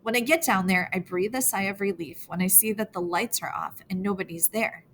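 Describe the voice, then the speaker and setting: Here a woman with a mid-range voice narrates an audiobook at a brisk clip, a slight hiss or hum in the recording. She reads the novel as a teenage girl speaking in the first person, earnest and full of feeling.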